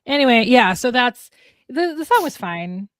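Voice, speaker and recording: A woman's voice: fairly high pitch, very animated, moderate pace, no echo, studio quality. A young woman from Minnesota with a Minnesota accent, hosting a casual livestream chat and acting out voices as she tells stories. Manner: chatty storyteller, acts out quoted voices. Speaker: host, romance author. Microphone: home livestream mic.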